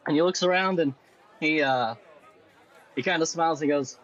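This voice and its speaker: A man narrating as game master for a tabletop game, in an animated, playful way. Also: on the high side, normal speed, long pauses, highs cut off, a faint crowd.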